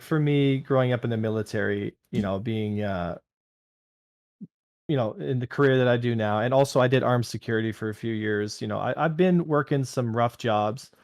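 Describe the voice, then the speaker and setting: A man's voice: medium pitch, normal speed, creaky, dry recording, clean studio sound. A man as a podcast guest in casual chat, blunt and frank, swearing casually and laughing as he tells stories.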